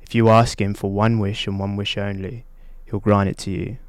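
A man's voice: on the low side, level tone, normal speed, clear, resonant tone, no room sound, natural voice. A man playing a laid-back bartender in a joke, speaking in a confiding, matter-of-fact way.

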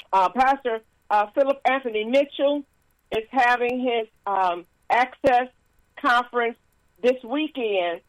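A woman's voice: a little high, dry recording, poor audio. Laughing woman minister, dry sound. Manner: lively, laughing, frequent praise interjections. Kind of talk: casual sermon with testimony and announcements.

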